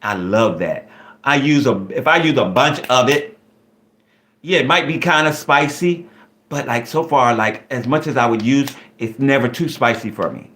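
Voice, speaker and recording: A man hosts a relaxed live question session in a medium-pitched voice. He rambles freely, circling back with fillers and restarts. His tone stays easygoing and playful. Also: normal speed. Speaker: live stream host. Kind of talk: casual live chat.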